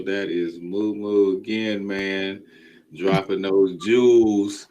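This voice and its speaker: A man's voice: sits low, slow pace. A man hosting a casual livestream podcast, chatting loosely and reading out viewer comments. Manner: relaxed, chatty, apologetic asides. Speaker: podcast host.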